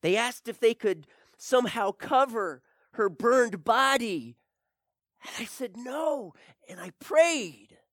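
A man tells a grieving tale in a slow, deliberate monologue. He drops into hushed whispers and rises into anguished cries. The recording is close and dry, with no room sound. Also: extremely high pitch, expressive, no room sound. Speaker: storyteller. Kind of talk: dramatic first-person monologue.

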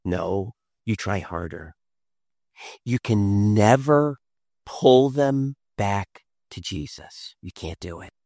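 A man, a father in his thirties, preaching a sermon, swinging from loud emphasis to hushed tones. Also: on the low side, takes it slowly, no echo, clean studio sound. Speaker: pastor.

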